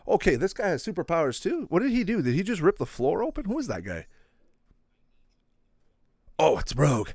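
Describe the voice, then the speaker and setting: Animated man reacting out loud. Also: medium pitch, no echo. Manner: excitable, thinking aloud, quick reactions; asks the viewers questions. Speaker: reaction video host. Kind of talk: casual live commentary while watching a video.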